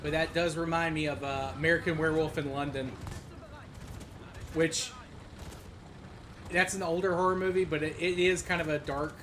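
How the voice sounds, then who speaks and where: A man's voice: fairly high pitch, steady tone, normal speed, long pauses, fairly bright tone, a little hiss or hum. A man streaming a tank game, chatting casually and telling a long rambling story with fillers. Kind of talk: casual chat while gaming.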